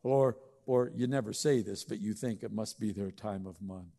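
A man's voice: on the low side, normal speed, creaky, mellow, in a large hall. A man preaching a sermon in a conversational, joking way, asking the congregation questions. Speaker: pastor.

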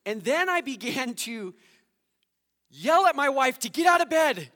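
Animated man preaching in a reverberant hall. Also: very high-pitched, fast talker. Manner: animated, acts out quotes in his story, laughs at himself. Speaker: pastor. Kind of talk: sermon with storytelling.

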